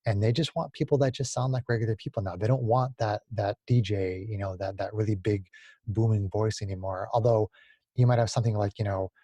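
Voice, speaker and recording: A man who works as a voice actor, explaining things in a measured, easygoing way as a podcast guest. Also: fairly low pitch, steady tone, mellow, no room sound. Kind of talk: casual interview chat.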